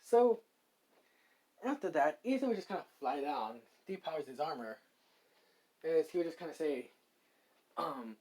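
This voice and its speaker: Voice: medium pitch, lively intonation, a little slow, pauses often, warm tone, poor audio. A fan story narrator improvising a story aloud, rambling with many fillers. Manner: rambling, many likes and ums.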